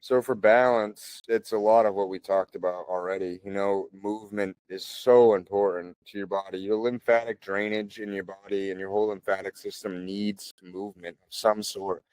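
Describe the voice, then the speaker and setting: A man in his thirties speaks in a low voice, recorded close and dry with no room sound. He tells stories in a loose, chatty way, full of fillers, and clears his throat now and then. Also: normal speed, few pauses, no room sound. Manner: relaxed, chatty, frequent "like" and "you know". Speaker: podcast guest. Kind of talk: casual conversational storytelling.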